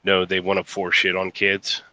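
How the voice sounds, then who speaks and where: A man with a very deep voice co-hosts a live-stream podcast, reading out viewer comments in a flat, even tone. He hesitates often and fills gaps with "uh". His voice is bright and edgy. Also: normal speed, no room sound, poor audio. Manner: hesitant, full of fillers. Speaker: podcast co-host. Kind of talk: reading chat comments aloud.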